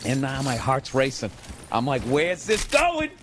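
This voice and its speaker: A male comedian tells a profane, animated story in a mid-range voice. Steady gunfire and clicking from a game sound clearly behind him. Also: mid-range voice, a little slow, slight background noise. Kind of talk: storytelling over gameplay.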